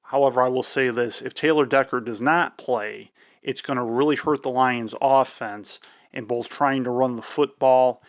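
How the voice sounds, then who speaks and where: Man calmly previewing football injuries. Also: mid-range voice, dry recording, studio quality. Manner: measured, repeats "I believe" and "for sure". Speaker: sports channel host.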